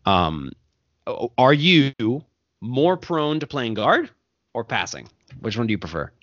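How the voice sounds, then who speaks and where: Male coach and co-host, rambling and animated, dry, dull audio. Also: medium pitch, measured pace, no room sound. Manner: animated, rambling, self-correcting. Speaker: jiu-jitsu coach and co-host. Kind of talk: casual podcast chat.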